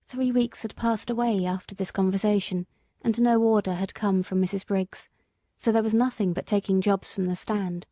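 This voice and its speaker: Brief: woman audiobook narrator, calm, mellow, dry and close. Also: medium pitch, normal speed, dry recording. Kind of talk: scripted narration.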